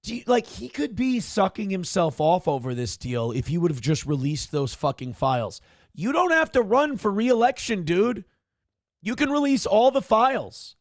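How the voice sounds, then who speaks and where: A man's voice: high-pitched, sing-song, normal speed, no room sound, clean studio sound. Blunt, profane male show host. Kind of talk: casual political commentary.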